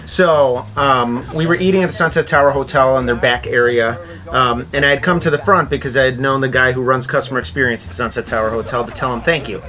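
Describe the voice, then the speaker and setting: A man's voice: medium pitch, fast, few pauses, pushed and bright. A man from Buffalo, New York, a guest in a casual podcast chat, telling stories earnestly and with enthusiasm.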